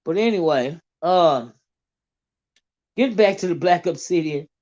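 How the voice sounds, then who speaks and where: A woman with a Southern American accent hosts a casual livestream, reading comments and rambling with many fillers, restarts, and Southern Black American vernacular turns. Her voice is lowish, warm, and animated, and she speaks a little slowly. The sound is lo-fi.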